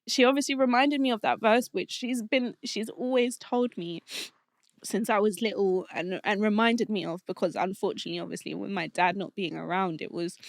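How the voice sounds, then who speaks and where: A young adult woman telling a personal faith testimony in a heartfelt, halting way, often restarting her sentences, and getting emotional. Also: mid-range voice, no room sound, studio quality. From Colombian family roots. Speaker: podcast guest.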